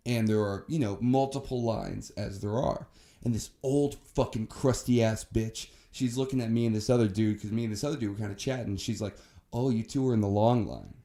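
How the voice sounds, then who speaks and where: A young man with a mellow, dark-toned voice rants on a podcast, cursing freely as he vents. His delivery is heated and profane, with the loose rhythm of casual chat between co-hosts. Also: lowish voice, brisk. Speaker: podcast co-host.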